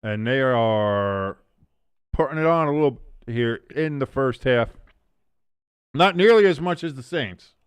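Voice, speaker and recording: A man hosting a live watch-along stream, calling the plays casually and jumping sharply in pitch and volume on big moments. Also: animated, measured pace, smooth, no echo. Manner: mumbles and scats to himself while thinking. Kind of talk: casual live play-by-play commentary.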